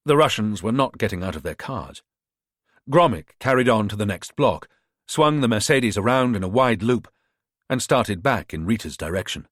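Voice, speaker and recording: A man narrating a thriller audiobook in a measured, expressive reading. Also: on the low side, no echo, clean studio sound.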